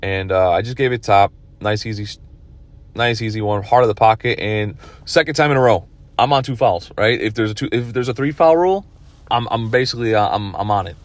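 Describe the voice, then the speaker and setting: A man's voice: lowish voice, brisk, dry recording. A tired man commenting on his own pool match from his car, rambling and self-critical. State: tired, yawning. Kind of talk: casual video commentary.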